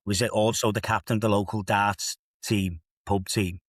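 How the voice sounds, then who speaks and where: This fairly low-pitched man speaks at normal speed with a flat delivery, in clean studio sound with no echo. In his fifties, from England with a Liverpool accent, he works as an assistant head teacher and tells stories during a podcast discussion, punctuated by emphatic rhetorical asides.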